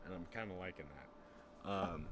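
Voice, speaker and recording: Young male streamer, lowish voice, profane rambling storyteller, faint noise behind. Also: fairly quick. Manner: rambling, profane, animated quoting. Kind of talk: casual storytelling chat.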